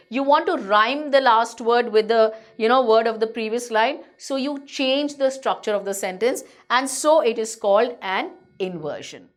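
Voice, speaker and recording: A woman teacher with an Indian English accent, explaining a lesson to students, patient and repeating points to reassure them. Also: on the high side. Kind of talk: online class lecture.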